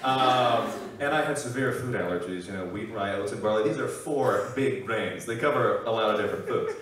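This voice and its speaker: A young man performing a stand-up set with impressions, animated and self-deprecating. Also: lowish voice, normal speed, crowd noise. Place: live comedy stage with audience. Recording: echoey room, distant mic, noisy.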